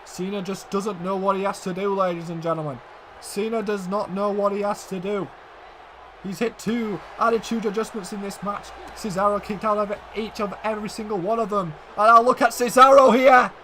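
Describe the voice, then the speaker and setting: A man shouts excited play-by-play over a wrestling video game, frequently calling out to "ladies and gentlemen." His voice sits high and moves at a normal speed, with a little hiss or hum under the recording.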